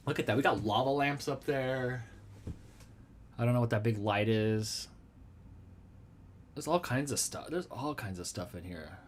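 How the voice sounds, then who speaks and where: A man's voice: mid-range voice, a little slow, pauses often, a little hiss or hum. A man hosting a casual live stream from a small room at home. He rambles in a playful way, answers viewer comments and jokes about himself. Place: small room at home with a red wall and lava lamps.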